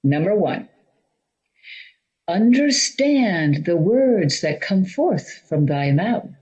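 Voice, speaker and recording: A woman's voice: on the low side, sing-song, slow, warm tone, lo-fi sound. A woman teaching drama, explaining Shakespeare performance step by step in an instructional talk.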